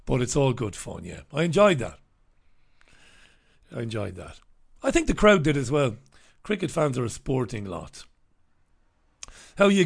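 A middle-aged man hosting a casual live stream, chatting and joking as he greets viewers by name. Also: medium pitch. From Ireland.

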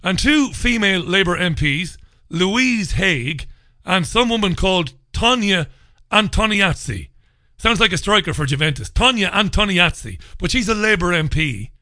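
A male radio talk show host giving crude, mocking commentary with loud bursts. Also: high-pitched, expressive, normal speed, no room sound, clean studio sound. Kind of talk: ranting commentary.

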